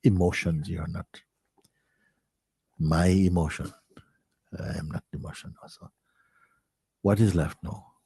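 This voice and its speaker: A middle-aged man, a spiritual teacher, speaking slowly to listeners, repeating and questioning, often dropping to a soft near-whisper. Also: low voice, steady tone, husky, no echo, studio quality.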